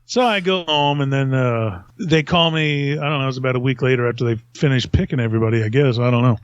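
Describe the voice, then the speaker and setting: A man's voice: medium pitch, fairly even intonation, fast, smooth, no room sound, highs cut off. A man telling a long story in casual podcast chat, rambling and self-mocking, laughing often.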